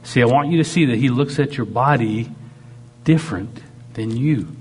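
A man's voice: mid-range voice, normal speed, breathy edge. A man preaching a sermon. He talks animatedly and acts out God speaking in short quoted lines. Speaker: pastor.

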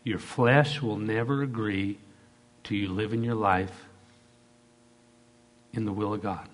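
A man's voice: on the low side, fairly even intonation, slow pace. A middle-aged man, a pastor, preaching an emphatic sermon and leading the congregation in call-and-response.

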